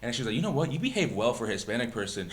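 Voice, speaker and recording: A young man from El Salvador, a podcast host telling stories in casual chat, full of "like" and animated retellings. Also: medium pitch, a loud crowd. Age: young adult. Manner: rapid, heavy use of "like", animated storytelling.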